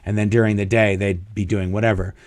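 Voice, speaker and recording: A man's voice: fairly low pitch, level tone, brisk, no room sound. A middle-aged man casually telling a long personal story in an interview, acting out the dialogue of the people in it. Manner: rambling anecdotes, acting out quoted dialogue. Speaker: guest telling his story.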